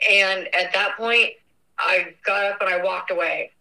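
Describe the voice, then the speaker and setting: A young woman telling a painful family memory in an earnest, halting way, with frequent fillers. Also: medium pitch, fairly even intonation, sharp tone, poor audio. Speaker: interviewee. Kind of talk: personal recollection.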